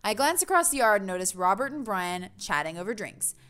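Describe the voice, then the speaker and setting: A woman's voice: medium pitch, sing-song, brisk, a bit bright, clean tone. A woman streaming a game, playfully reading the narration and chatting. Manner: playful, reads narration aloud. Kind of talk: game let's play narration.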